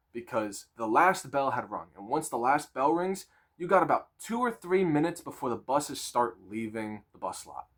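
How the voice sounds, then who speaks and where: A man in his twenties telling a casual storytime with crude slang, animated and laughing. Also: fairly high pitch.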